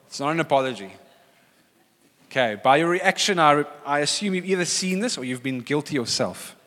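Animated man preaching in a reverberant hall. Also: fairly high pitch, moderate pace. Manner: animated, emphatic, repeats key phrases. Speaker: pastor. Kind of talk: sermon. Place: church hall.

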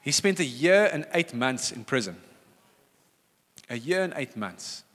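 Man, middle-aged pastor, bright lively voice, emphatic sermon, long hall reverb. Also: mid-range voice, a little slow. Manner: animated, emphatic, repeats key phrases. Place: church hall.

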